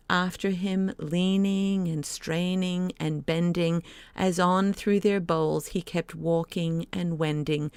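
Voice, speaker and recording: Slow, clear woman reading a storybook poem. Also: fairly low pitch, a little mellow, no echo. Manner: slow, lilting recitation. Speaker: audiobook narrator.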